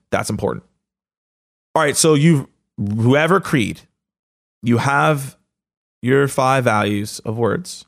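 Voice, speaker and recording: Energetic fast-talking man hosting a podcast. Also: medium pitch, creaky. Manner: energetic, casual, fast-talking with many fillers. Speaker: podcast host. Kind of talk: motivational podcast monologue.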